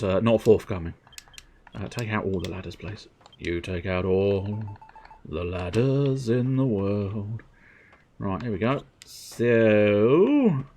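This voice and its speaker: A man doing joking, sweary commentary while streaming a building game. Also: lowish voice. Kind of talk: casual gameplay commentary.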